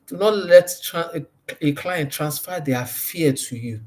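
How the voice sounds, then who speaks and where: A man's voice: fairly high pitch, measured pace. A man giving a sales training talk, pressing each point hard and repeating key phrases. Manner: emphatic and repetitive, stresses points by repeating them.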